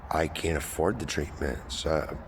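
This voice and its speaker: A man quoting a worried older woman who is ill and in debt, in a quiet, pleading way. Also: very deep voice, a little slow, slight background noise. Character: worried older woman facing illness and debts.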